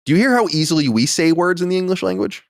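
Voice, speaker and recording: A man's voice: high voice, expressive, quick pace, smooth, no echo, studio quality. A man in his late thirties or forties hosting a podcast, chatting in a casual, self-deprecating way. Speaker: podcast host. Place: home studio.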